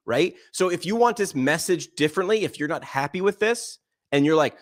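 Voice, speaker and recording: A man co-hosting a podcast, telling stories and arguing his points emphatically, often jumping up in pitch and volume. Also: fairly quick. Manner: emphatic, animated storyteller with big swings in pitch and loudness. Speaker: podcast co-host. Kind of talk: casual podcast discussion.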